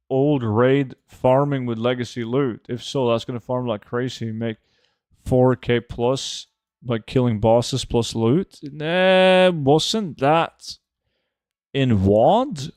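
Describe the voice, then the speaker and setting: A man's voice: mid-range voice, slow pace, no room sound, clean studio sound. A man, a game streamer chatting casually and reading his chat aloud in a laid-back way full of fillers. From Norway.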